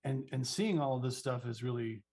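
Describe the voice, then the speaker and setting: A man speaking as a virtual production panelist, thoughtful and measured, often saying "you know". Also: medium pitch, darkish tone. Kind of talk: convention panel discussion.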